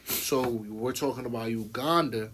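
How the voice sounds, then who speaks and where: A man's voice: medium pitch, unhurried, fairly bright tone, a little hiss or hum. A young American man co-hosting a podcast, talking loosely with slang, fillers and restarts. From United States. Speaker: podcast co-host. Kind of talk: casual podcast chat.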